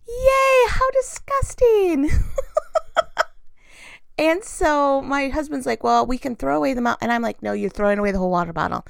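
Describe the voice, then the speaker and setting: Chatty mom vlogging at home, kinda gravelly voice, fairly high, laughs a lot, dry close sound. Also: female voice, no room sound. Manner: chatty, laughs often, animated storytelling. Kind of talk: casual chat to camera.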